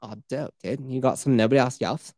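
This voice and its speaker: A man's voice: medium pitch, brisk, a little mellow, no echo, studio quality. A man co-hosting a podcast in casual chat, retelling stories, laughing often and swearing offhand. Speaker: podcast co-host.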